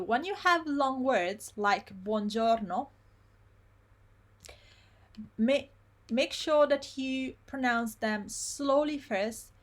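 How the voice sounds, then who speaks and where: In a live online Italian lesson, the teacher's medium-pitched, fairly bright voice guides students through pronunciation practice. Each syllable is modeled slowly and with care.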